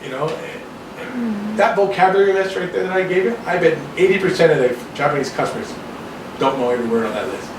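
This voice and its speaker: A man from Canada giving a casual talk to a small audience in a restaurant, rambling and animated, often acting out other people's voices. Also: a little high, quick pace. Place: restaurant room. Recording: echoey room, distant mic, background noise.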